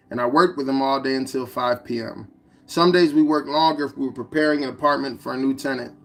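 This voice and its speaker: A man narrating his own memoir as an audiobook, in a plain, steady reading. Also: medium pitch. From United States.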